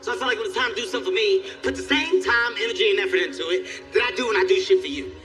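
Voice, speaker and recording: A man doing profane, animated stand-up storytelling on stage, jumping into squealing character voices. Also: sits high, racing, soft background music. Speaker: stand-up comedian. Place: comedy stage.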